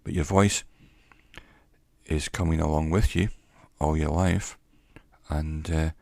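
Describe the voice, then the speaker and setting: A man giving an educational talk in a measured, reflective way, pausing often between phrases. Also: a bass voice, fairly even intonation, creaky, darkish tone, no echo, clean studio sound. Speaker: teacher. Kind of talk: educational monologue.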